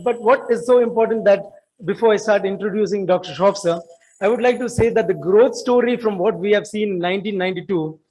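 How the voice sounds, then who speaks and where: A man in his forties with an Indian English accent, giving an earnest welcome speech in an auditorium, halting with fillers and restarts. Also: sits high, darkish tone, low-quality recording. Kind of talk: formal welcome speech at an alumni meet.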